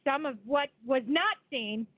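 A woman's voice: high-pitched, animated, measured pace, no echo, phone-quality sound. A woman co-hosting a talk radio show as a psychic medium, chatty and giggly. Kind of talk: casual chat.

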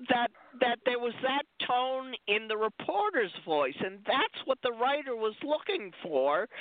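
A woman guest telling stories in a slow, easy way that drifts from one point to the next. She talks casually about her work as a stunt performer. Her voice comes through a thin, dry phone line. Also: mid-range voice, no room sound. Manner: rambling, digressive storyteller. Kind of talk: casual chat. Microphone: phone call-in.

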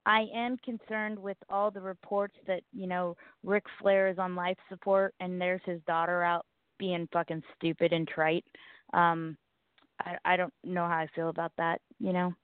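Over a thin, dry phone line, a Southern woman co-host chats casually in a lowish, smooth voice with flat delivery at normal speed and no echo. She's from the Southern United States, with a Southern American accent, and she rambles bluntly while poking fun at herself.

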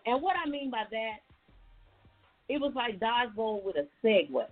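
A woman's voice: mid-range voice, very animated, normal speed, creaky, pauses often. A woman hosting a call-in radio talk show, speaking in a folksy, casual way and often calling her listeners y'all. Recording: tinny phone-like radio line.

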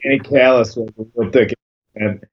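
A man's voice: medium pitch, fairly even intonation. A man in casual comedic chat, sardonic and wry, talking over a remote call. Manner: sardonic, wry, slow and halting at times. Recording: dull remote call audio.

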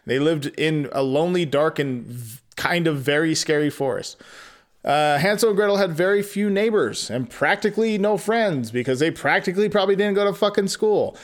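A man's voice: on the high side, expressive, normal speed. A man reading a fairy tale aloud, breaking off into rambling, profane comic asides. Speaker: storyteller.

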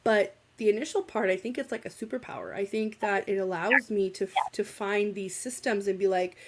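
A woman's voice: medium pitch, brisk, heavy background noise. A woman speaking as a guest in a casual podcast conversation, chatty and thinking aloud with many asides. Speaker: guest, business systems consultant.

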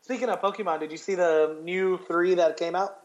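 Man, podcast co-host, casual chat, rambling, profane, high pitch. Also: steady tone, brisk, muffled recording. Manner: rambling, swears a lot, restarts often.

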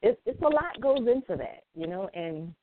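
A woman guest, a singer, talking about her life in a reflective, unhurried way, often saying "you know". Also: on the high side, sing-song, a little hiss or hum. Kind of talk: casual interview chat. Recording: tinny phone-like line.

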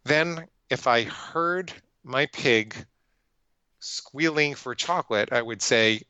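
A man's voice: medium pitch, takes it slowly, bright, forceful tone, clear, resonant tone, no echo, highs cut off. A middle-aged man, a psychologist guest, telling his story earnestly and emphatically, acting out quoted inner voices. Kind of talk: conversational interview storytelling.

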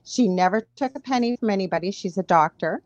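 Woman guest on a podcast, chatty storyteller, laughs a lot, mid pitch, dry sound. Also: dry recording, highs cut off. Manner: animated storyteller, laughs often, quick asides. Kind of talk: casual chat, storytelling.

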